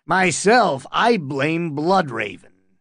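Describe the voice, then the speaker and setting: A boastful, grumbling knight, as a man reads him aloud in an audiobook. He speaks slowly and indignantly, in a slightly raised voice. The recording is dry and close. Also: fairly high pitch, sing-song, vocal fry, fairly bright tone, dry recording, heavily acted. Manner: indignant, blustering. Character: boastful grumbling middle-aged hedge knight. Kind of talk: audiobook reading.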